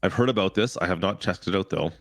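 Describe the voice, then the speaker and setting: Man, very deep voice, easygoing podcast co-host, dry close sound. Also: quick pace, no echo. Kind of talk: casual gaming podcast chat.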